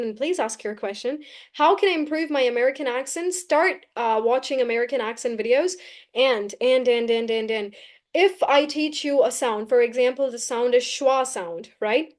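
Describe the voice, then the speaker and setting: A woman teaching a live online class, brisk and coaxing, often repeating key phrases. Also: high voice, a little mellow. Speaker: English teacher.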